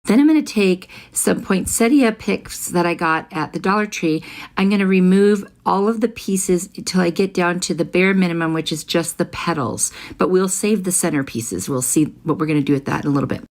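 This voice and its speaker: A woman's voice: fairly low pitch, a little fast, darkish tone. A middle-aged woman hosting a craft channel, explaining each step of a project in a friendly voice-over.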